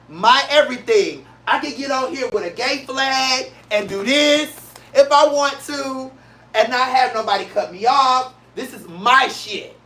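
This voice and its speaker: A man's voice: very high voice, sharp tone. A man from St. Louis hosting his own show, talking in an emphatic, blunt and profane way and repeating his points for effect. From St. Louis, Missouri, USA. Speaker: show host. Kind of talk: casual solo talk-show rant.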